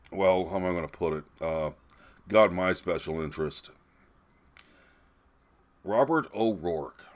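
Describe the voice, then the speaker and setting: Deep-voiced man ranting sarcastically. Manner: sarcastic, mocking, rambling with restarts. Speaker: political commentator. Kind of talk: ranting webcam vlog. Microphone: webcam.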